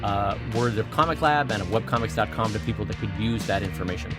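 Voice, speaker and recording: A man co-hosting a podcast, chatting in a playful, animated way. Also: fairly low pitch, quick pace, loud music behind the voice. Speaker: podcast co-host. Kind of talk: casual chat.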